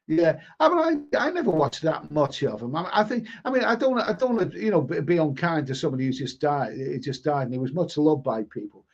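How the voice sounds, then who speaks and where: Middle-aged Scouse host, somewhat high voice, stumbling, repetitive chat, muffled lo-fi stream sound. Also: male voice, big pitch swings, fairly quick, creaky, few pauses. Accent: Liverpool. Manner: stammering, repeats words, chatty. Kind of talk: casual chat reading viewer comments. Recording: dull lo-fi stream audio.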